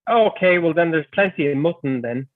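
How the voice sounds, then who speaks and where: A man's voice: on the high side, expressive, brisk, no echo. A man hosting a livestream, chatting playfully and tripping over his words as he talks. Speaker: livestream host. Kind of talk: casual chat. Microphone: online call. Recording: tinny phone-like line.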